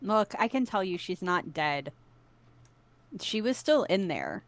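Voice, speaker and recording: A woman's voice: mid-range voice, very animated, takes it slowly. A woman speaking as a player in a tabletop game, talking urgently and persuasively.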